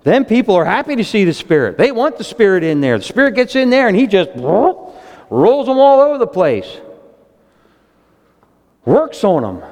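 Preacher in his fifties, excitable storyteller, high lively voice, reverberant hall sound. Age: 50s. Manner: excitable, storytelling, animated swings in pitch. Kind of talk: sermon.

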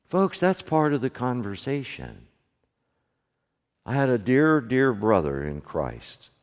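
A middle-aged man preaching a sermon to his congregation, moving from hushed storytelling to loud, fervent preaching. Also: mid-range voice, sing-song, slow. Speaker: pastor. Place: church sanctuary, also streamed online. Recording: long hall reverb.

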